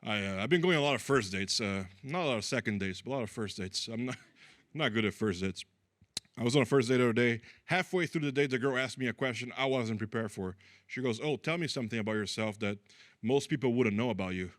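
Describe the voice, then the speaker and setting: A man's voice: mid-range voice, fast talker, a bit bright, no echo, studio quality. A man from Brazil doing a chatty, self-deprecating stand-up comedy set, acting out the people in his stories. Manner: chatty, self-deprecating, acts out quoted voices.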